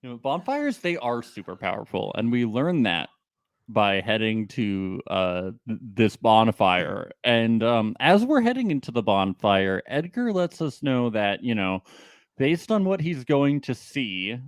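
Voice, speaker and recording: A man's voice: mid-range voice, big pitch swings, a little slow, no echo. A man co-hosting a podcast, recapping a reality show in casual chat, joking and laughing often. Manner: joking, laughs often, puts on voices for people he quotes. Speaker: podcast co-host.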